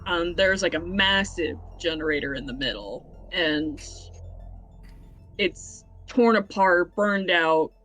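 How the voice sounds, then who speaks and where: A man's voice: a little high, expressive, slow, sharp tone, faint music behind, poor audio. A man from Atlanta narrating a tabletop game as game master, in a loose, casual way with plenty of filler words.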